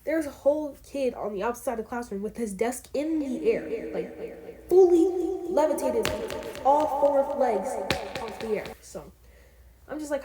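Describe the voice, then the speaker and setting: A woman's voice: high voice, lively intonation, normal speed, mellow, a little hiss or hum. Chatty teenage girl telling a story. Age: teens. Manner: chatty, rambling, full of fillers and asides. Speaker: vlogger. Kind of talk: casual storytime vlog.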